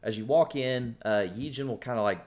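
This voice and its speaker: A man narrating as game master in a tabletop game, talking quickly with many fillers. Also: medium pitch, a little mellow. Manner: fast-talking, filler-heavy.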